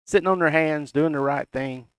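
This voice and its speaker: A man's voice: a little high, normal speed, clear, resonant tone, no echo. A middle-aged man with a Southern US accent, reading out price levels in casual, folksy chart commentary. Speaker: crypto chart analyst.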